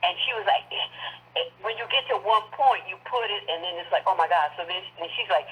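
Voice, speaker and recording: A woman author talking as a radio interview guest, modest, laughing, with halting restarts. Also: on the low side, fairly bright tone, low-quality recording.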